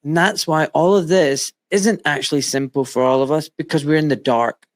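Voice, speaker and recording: A man's voice: fairly high pitch, moderate pace. A middle-aged man hosting an interview from his home studio, telling stories emphatically and acting out quotes. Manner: animated, emphatic storytelling with acted-out quotes. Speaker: host. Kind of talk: casual interview chat.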